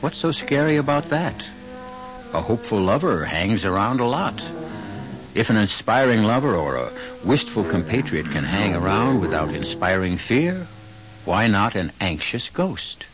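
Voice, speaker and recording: Man, radio drama host, wry delivery, lowish voice, dull lo-fi sound. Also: big pitch swings, a little slow. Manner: wry, theatrical. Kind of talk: theatrical scripted introduction. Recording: muffled old radio broadcast with music.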